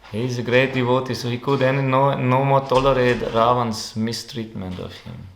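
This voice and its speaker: A man's voice: mid-range voice, steady tone, moderate pace, vocal fry, echoey room, slight background noise. A man, not a native English speaker, giving a devotional discourse in simple, repetitive phrasing with recited Sanskrit verses. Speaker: spiritual teacher. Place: ashram hall.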